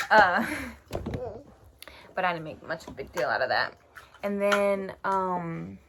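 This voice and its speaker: A young woman vlogger telling a story in a casual, emotional way, with lots of fillers and casual swearing. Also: medium pitch. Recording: clear background noise.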